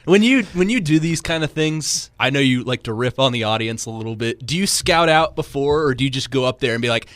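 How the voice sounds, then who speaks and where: A male radio co-host asking a guest relaxed, chatty questions. His pitch is mid-range, and the studio recording is close and dry. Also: brisk, few pauses, dry recording. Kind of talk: casual sports radio chat.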